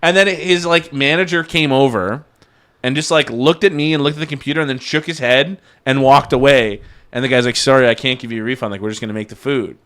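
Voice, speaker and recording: A man's voice: medium pitch, fairly quick. A man telling a story in casual chat, acting out quotes and swearing often. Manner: animated, acts out quotes, heavy swearing.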